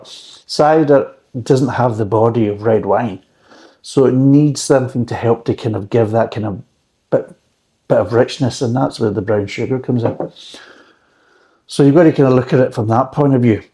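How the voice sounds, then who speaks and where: A man's voice: medium pitch, mellow. A man reviewing drinks in a casual, rambling recipe chat, with dry joking asides.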